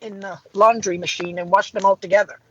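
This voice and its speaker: A woman, a middle school art teacher, telling energetic stories in a casual podcast interview. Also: medium pitch, fairly quick, dull audio, a little hiss or hum. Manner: energetic and loud, animated retelling. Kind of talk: casual conversational storytelling.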